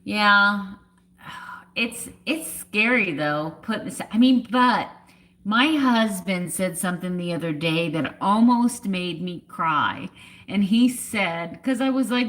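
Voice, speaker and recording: A woman in her fifties chatting casually on a livestream, emotional and close to tears, talking haltingly with many fillers and trailing thoughts. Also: mid-range voice, a bit bright. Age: 50s. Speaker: vlogger.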